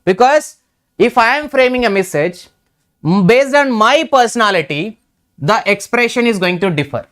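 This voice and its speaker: A man's voice: high voice, animated, moderate pace, fairly bright tone. A man teaching an exam revision lecture in Indian English, repeating key terms and checking in with "right?".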